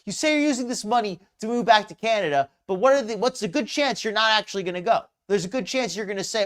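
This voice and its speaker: A woman's voice: mid-range voice, fast, few pauses. A woman hosting a live reaction stream, ranting with anger and sarcasm. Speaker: host.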